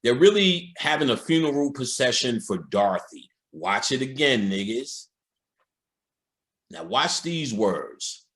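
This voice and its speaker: Lively, swearing man lecturing. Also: medium pitch, a little slow. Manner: profane and emphatic, talks straight to viewers. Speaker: occult lecturer. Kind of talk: casual commentary over a film.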